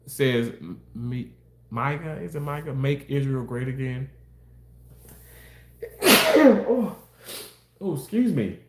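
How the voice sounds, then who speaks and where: A man's voice: a bit bright, slight background noise. A man livestreaming and reading chat aloud, making crude jokes and protesting with mock innocence. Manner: voice jumps high when protesting. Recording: roomy echo.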